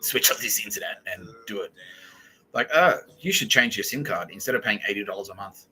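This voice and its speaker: Male podcast host, lowish and very bright-toned, rambling and profane. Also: lively intonation, brisk, a little hiss or hum, rough recording. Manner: rambling and profane, laughs often. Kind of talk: casual monologue.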